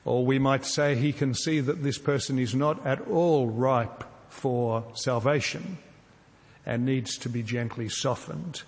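A man preaching a sermon, earnest and measured, often posing rhetorical questions to his congregation. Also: medium pitch, long reverb tail. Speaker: pastor.

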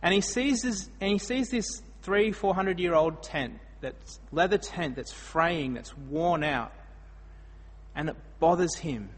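An Australian preacher delivers a sermon as a story, in a husky, slightly high voice at a somewhat slow pace. His volume swings dramatically, from loud, emphatic bursts to quiet asides, and the sound echoes at length through a hall.

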